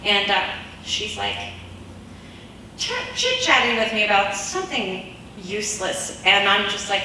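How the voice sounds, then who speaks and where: A woman telling a personal testimony in a lively storytelling way, acting out the voices of the people in her story and laughing often. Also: medium pitch, a little slow, heavy reverb, far from the mic, background noise.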